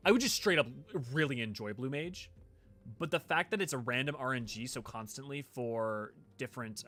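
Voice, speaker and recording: A man chats casually with his viewers while playing, enthusiastic and rambling, often restarting his sentences. His voice has a bright, forward tone at an average pitch. Faint game music runs behind him. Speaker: game streamer and lore creator. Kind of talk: casual gameplay chat with viewers.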